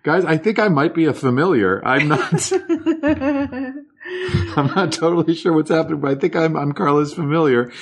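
A man co-hosting a casual podcast, joking in a dry, halting way with frequent restarts. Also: a little high. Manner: jokey, deadpan, halting restarts. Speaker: podcast co-host. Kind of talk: casual chat.

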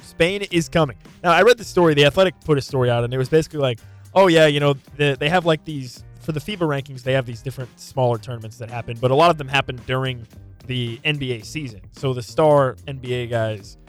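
A man's voice: mid-range voice, faint music behind. Easygoing man co-hosting sports talk. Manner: easygoing, quick to laugh along. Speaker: radio co-host. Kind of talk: casual sports chat.

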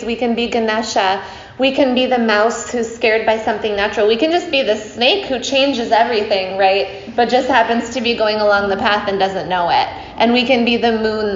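A woman teacher tells a story to a group, chatty and playful, and often turns to her listeners with asides. Her voice sits a bit high. The recording is roomy and slightly dull, with faint background hiss. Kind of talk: casual spoken storytelling.

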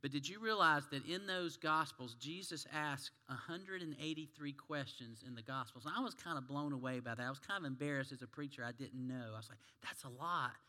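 Folksy preacher in a reverberant hall. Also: male voice, medium pitch, brisk, hardly any pauses, sharp tone. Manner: folksy, conversational storytelling. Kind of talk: sermon.

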